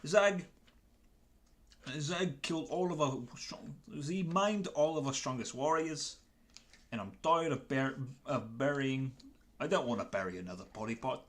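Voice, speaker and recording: A man's voice: mid-range voice, lively intonation, unhurried, voice pushed up, natural voice. Man doing a Cockney goblin leader. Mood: pleading. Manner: Michael Caine-style delivery. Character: weary pleading male goblin leader.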